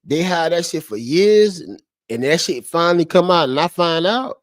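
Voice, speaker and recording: Speaking straight to his stream chat, a man sounds fired up and animated, cursing and returning to the same lines again and again at a moderate pace. His voice sits a bit high for a man, and the audio is dry and close with no room echo.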